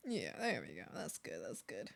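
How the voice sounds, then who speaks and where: A woman's voice: very deep voice, wildly swooping pitch, moderate pace, creaky, no echo, studio quality. A woman streaming her art, talking to herself as she draws and singing along to music now and then. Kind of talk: casual talk while drawing.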